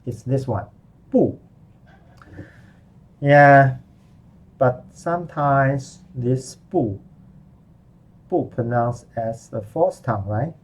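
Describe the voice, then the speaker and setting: A man teaching a live online lesson in English, explaining slowly and repeating himself with frequent "okay"s. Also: medium pitch. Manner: slow, repetitive explaining with frequent "okay" and restarts. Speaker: Mandarin teacher.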